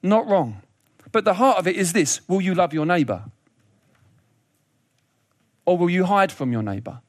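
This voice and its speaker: Guy preaching, fairly high voice, jokey and animated, laughs a lot, dry close sound. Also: moderate pace, no room sound. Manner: lively, humorous, laughs often, repeats words. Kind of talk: sermon.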